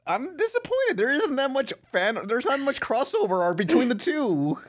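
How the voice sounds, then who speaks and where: A man's voice: very high-pitched, very animated, normal speed. A man hosting a podcast, chatting casually and rambling with profane asides. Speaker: podcast host. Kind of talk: casual chat.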